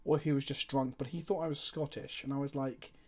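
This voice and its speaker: A man's voice: mid-range voice, steady tone, fast. A man streaming a card game live, chatting casually, swearing freely and answering viewers' chat as he plays.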